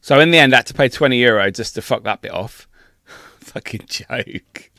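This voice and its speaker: A man co-hosting a podcast, telling a travel story in a sweary, laughing, animated way. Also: mid-range voice, normal speed, dry recording, studio quality. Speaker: podcast co-host. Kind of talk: casual storytelling chat.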